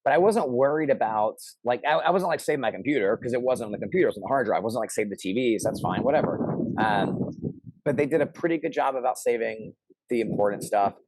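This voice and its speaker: A middle-aged man telling a personal story in casual conversation, animated and shouting out the lines he quotes. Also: mid-range voice, fast, dry recording. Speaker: interview guest.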